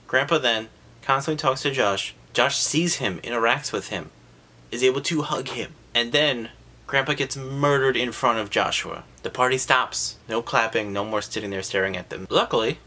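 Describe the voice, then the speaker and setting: A man giving a sarcastic, animated comedic recap of a movie, mocking the scenes and popping into quick silly voices for the characters. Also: mid-range voice.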